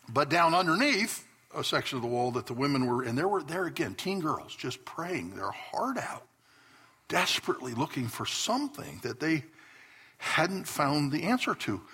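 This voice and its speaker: A man's voice: fairly high pitch, very animated, moderate pace, bright, forceful tone, slightly rough. A man preaching a sermon to his congregation as pastor, telling stories with earnest bursts of emphasis. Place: church hall before a congregation.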